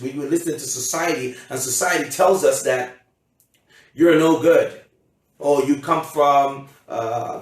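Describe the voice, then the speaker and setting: A man giving an emphatic motivational seminar talk as a coach, often repeating himself and checking that his audience understands. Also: mid-range voice. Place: seminar room. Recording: heavy echo, from a distance.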